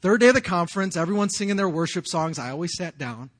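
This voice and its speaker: Quick and high-voiced, with lively intonation, a pastor in his forties delivers a sermon recounting his own story. He talks conversationally, dropping casual slang and restarting often.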